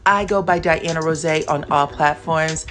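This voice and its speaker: Animated woman recapping reality TV. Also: low-pitched, a little slow. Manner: animated, slangy, acts out the quotes she retells. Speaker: YouTube reality TV reviewer. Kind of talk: casual recap commentary.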